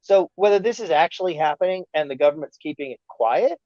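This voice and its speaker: A man talking as a podcast guest in a rambling, animated rant, often slipping into mocking quoted voices. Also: a little high, fast, dry recording, muffled recording. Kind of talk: casual chat.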